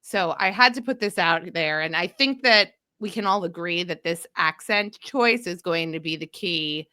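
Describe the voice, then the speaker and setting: A woman's voice: lowish voice, moderate pace, clear, resonant tone, no echo. A woman from the mid-Atlantic US hosting a podcast, chatting casually and laying out a theory at length. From mid-Atlantic region of the US. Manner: animated, laughing, theorizing at length. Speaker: podcast host.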